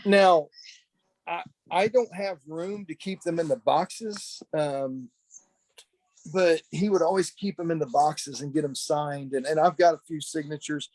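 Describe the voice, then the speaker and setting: A man's voice: fairly high pitch, measured pace, a little mellow. A man who used to wrestle, reminiscing in a rambling, talkative way, full of restarts and "you know," speaking over a video call. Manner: chatty, talkative storyteller. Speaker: former pro wrestler, podcast guest. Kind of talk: casual memorial reminiscing. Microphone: video call camera.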